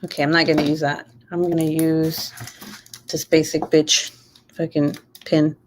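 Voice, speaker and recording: A woman's voice: deep voice, flat delivery, measured pace, background noise. A young woman YouTuber chatting casually and rambling while she crafts, swearing freely. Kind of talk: casual late-night craft livestream chat.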